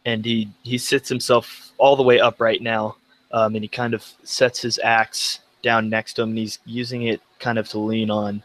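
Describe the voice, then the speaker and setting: A man playing a tabletop game, describing his character's actions in a soft-spoken, hesitant way. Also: lowish voice, little pitch movement, moderate pace, low-quality recording. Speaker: player. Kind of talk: casual tabletop play.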